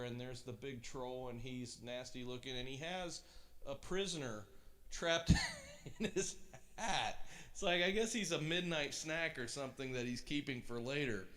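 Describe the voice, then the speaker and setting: Middle-aged man, livestream host, casual chat, enthusiastic, rambling, mid-pitched voice. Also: a bit bright.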